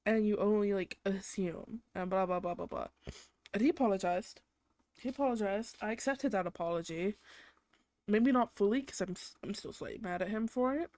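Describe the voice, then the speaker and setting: A woman's voice: medium pitch, normal speed, darkish tone, no room sound. A young woman hosting a solo podcast, venting in an exaggerated, profane way about everyday annoyances. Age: young adult. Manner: exaggerated, swears constantly, vents about her boyfriend. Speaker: podcast host.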